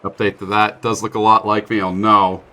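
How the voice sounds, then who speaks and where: A man's voice: on the low side, flat delivery, moderate pace, sharp tone. A young man commentating his own gameplay in a chatty, self-mocking way, with sudden startled outbursts. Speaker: streamer playing a survival game. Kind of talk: let's play commentary.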